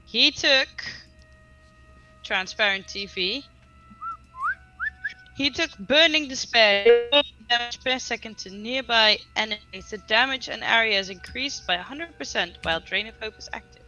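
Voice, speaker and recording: A woman who is not a native English speaker co-casts a live esports match in a lively way, laughing easily. Her voice is somewhat high and bright, with a forceful edge. Faint music plays underneath. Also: measured pace, lo-fi sound. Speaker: esports co-caster.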